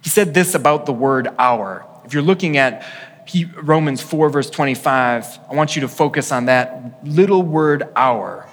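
A man preaching a sermon as a pastor, earnest and swinging between hushed passages and emphatic ones. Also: medium pitch, normal speed, long reverb tail.

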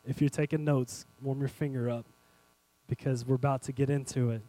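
A man preaching a sermon, animated and speaking straight to his congregation, swinging between loud and hushed. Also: mid-range voice, fairly quick, dry recording, low-quality recording. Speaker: pastor.

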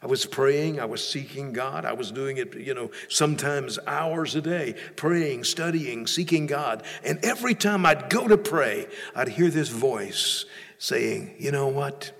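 A man's voice: mid-range voice, animated, measured pace, vocal fry, a bit bright, in a large hall. A male pastor preaching a sermon in a church, emphatic, often repeating and restarting phrases.

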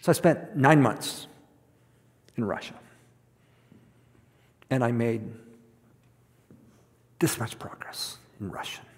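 A man's voice: medium pitch, slow pace, pauses often. A man preaching a sermon in a conversational way, often repeating words as he goes. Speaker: pastor. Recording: long hall reverb.

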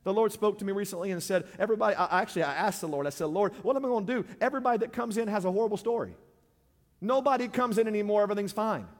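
High-voiced preaching man, loud to hushed. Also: animated, racing, big-room sound. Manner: preaching with big swings from loud shouting to hushed pleading. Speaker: pastor. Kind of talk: sermon.

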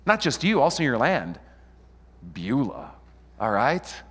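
A man preaching a sermon in an animated way, calling on the congregation to answer him. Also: medium pitch, slow, breathy edge. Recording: long hall reverb.

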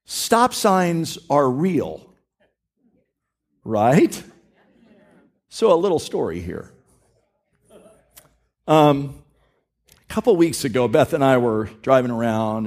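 A man preaches from a church stage in an easygoing, conversational way. His pitch swings widely as he reads verses and unpacks them, often doubling back on his words. It is a talk-like sermon, not a shouted one. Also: a little slow, vocal fry, long pauses. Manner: animated, repeats words while reading and explaining scripture. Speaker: pastor.

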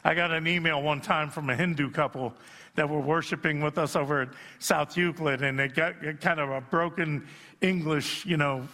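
Middle-aged pastor guy preaching, bright sharp voice, big hall echo. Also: on the high side, fairly even intonation, moderate pace. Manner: self-deprecating, swells to shouting at peaks. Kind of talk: sermon. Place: church sanctuary. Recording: long reverb in a church hall.

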